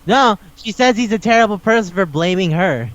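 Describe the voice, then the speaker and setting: A man with a high-pitched voice talks briskly on dull-sounding audio. Co-hosting a casual podcast chat, he rants animatedly and swears while tearing a movie apart.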